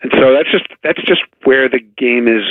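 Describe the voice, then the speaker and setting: A man talking casually about baseball on sports radio, chatty and halting, with sarcastic asides. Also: medium pitch, dry recording. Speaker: baseball writer guest. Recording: dry tinny phone line.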